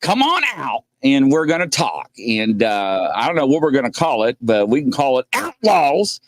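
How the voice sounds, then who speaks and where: A man's voice: medium pitch, sing-song, normal speed. A man hosting a casual livestream, rambling and joking as he reads chat comments aloud and greets viewers. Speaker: host.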